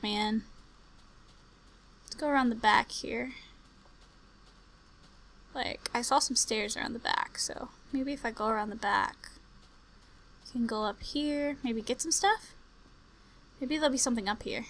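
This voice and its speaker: A young woman giving casual gameplay commentary, chatty and jumpy, muttering to herself and bursting into panicked yells. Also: a little high, unhurried, long pauses. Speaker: gaming commentator.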